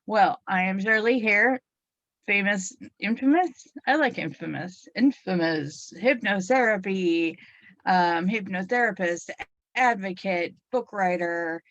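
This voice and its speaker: A middle-aged woman hosts a hypnotherapy radio show in a chatty, playful way. Her voice is a bit froggy and hoarse today. The sound is close and dry, with no room around it. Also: medium pitch, slow, fairly bright tone, no echo, lo-fi sound. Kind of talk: talk radio show with guided relaxation.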